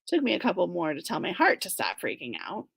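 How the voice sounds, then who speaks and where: Author, woman, animated reader with whispered asides, wide-ranging gravelly voice. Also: fairly low pitch, fast, no echo. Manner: expressive, lively, with whispered asides. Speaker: guest author. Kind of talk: animated reading of her own novel.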